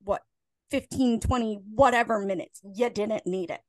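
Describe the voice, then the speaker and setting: A woman's voice: medium pitch, normal speed, no echo, studio quality. A woman co-hosting a casual drunk movie-review podcast, blunt and wry, teasing her co-host.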